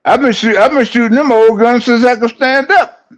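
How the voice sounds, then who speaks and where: Older guy, gruff, cussing, stumbles over words, high voice. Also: lo-fi sound. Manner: gruff, swears often, halting restarts. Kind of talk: casual chat.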